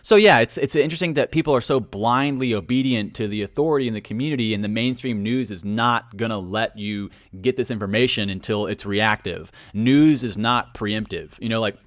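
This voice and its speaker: A man's voice: on the low side, a little fast, few pauses, no room sound, clean studio sound. A man hosting a casual livestream, animatedly greeting viewers by name and telling stories. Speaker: livestream host.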